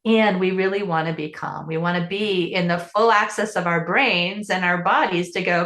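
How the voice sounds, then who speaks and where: A woman's voice: mid-range voice, normal speed, fairly bright tone, reverberant. A woman parenting coach answering interview questions in an earnest, explanatory way, often restarting her sentences.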